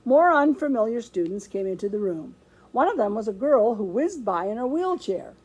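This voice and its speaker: A woman reading a children's chapter book aloud with expressive storytelling. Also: fairly high pitch, moderate pace, slightly rough, rough recording. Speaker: storybook reader.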